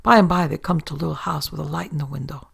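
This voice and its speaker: A woman's voice: sits low, steady tone, fast talker, gravelly, breathy edge. A woman narrating a horror tale of the sea in a folksy sailor-yarn manner. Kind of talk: horror story reading.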